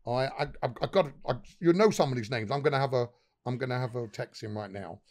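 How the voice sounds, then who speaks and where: A man spins long, rambling anecdotes as a guest on a casual podcast. His pitch sits in the ordinary middle range. He swears freely and often stumbles and restarts his sentences. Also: animated, quick pace. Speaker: pub owner guest.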